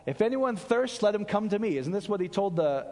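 A male pastor preaching an animated sermon, quizzing his audience and answering his own questions. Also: high voice, brisk. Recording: long hall reverb.

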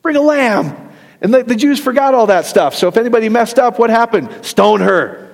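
Very high-pitched and a touch fast, with a darkish tone, a middle-aged man preaches in a church hall. His sermon is playful and conversational, full of questions to the congregation and laughter at his own jokes, and a long hall reverb colors the sound.

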